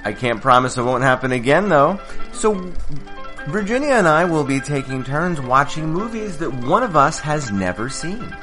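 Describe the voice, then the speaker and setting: Podcast promo guy, loud and theatrical, high and animated, music faint behind. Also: normal speed. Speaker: podcast host reading a promo.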